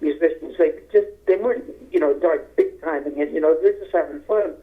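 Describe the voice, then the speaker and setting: A male musician talks casually as a guest, relaxed and full of fillers. His voice sits a little high and comes through a narrow, tinny phone line. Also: brisk. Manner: relaxed, filler-heavy talk. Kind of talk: casual interview chat.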